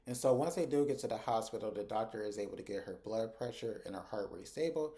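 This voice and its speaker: A man giving a casual recap of a TV episode, retelling scenes with animated asides. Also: lowish voice, quick pace. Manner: animated retelling, acting out characters' lines with asides.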